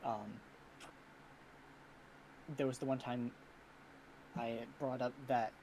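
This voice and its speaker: A podcast co-host telling a story in a halting way, restarting often and trailing off. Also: medium pitch, fairly even intonation, mellow, a little hiss or hum, poor audio. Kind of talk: casual chat.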